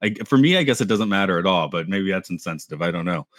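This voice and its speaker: A man's voice: sits low, lively intonation, quick pace, no room sound. A man co-hosting a podcast in casual chat, rambling, correcting himself and laughing easily. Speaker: podcast co-host.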